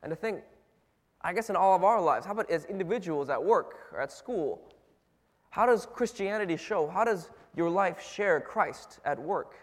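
A male preacher talks to his church in a loose, conversational way, asking one question after another. He often restarts his sentences and leans on fillers. His voice sits a little high for a man and rings out in a hall with a long reverb. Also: lively intonation, normal speed. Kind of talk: sermon.

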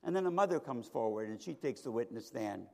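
A middle-aged male pastor preaching a sermon, telling a story dramatically with sharp swings between loud and soft. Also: mid-range voice, animated, brisk, gravelly. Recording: reverberant hall.

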